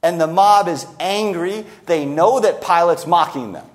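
A man with a high-pitched voice delivers an expository sermon. He acts out quoted lines and drops his pace sharply to land key phrases. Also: unhurried. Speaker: preacher.

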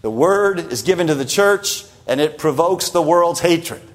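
A man's voice: fairly high pitch, expressive, unhurried. A man preaching a sermon, teaching from a Bible passage with emphatic stresses and rhetorical asides.

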